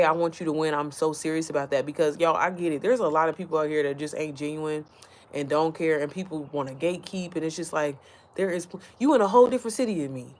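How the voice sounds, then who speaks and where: A woman chatting casually to her followers from home, rambling, easily sidetracked and often speaking straight to her viewers. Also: fairly low pitch. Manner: rambling, chatty, keeps addressing viewers directly. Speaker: online business creator.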